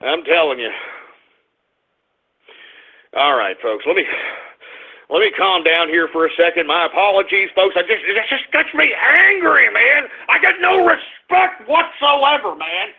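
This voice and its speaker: Male talk radio host, high gravelly voice, angry cursing rant, phone-thin sound. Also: big pitch swings, a little slow. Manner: angry, cursing, swings between grumbling and shouting. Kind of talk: ranting internet radio talk. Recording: tinny phone-like radio stream.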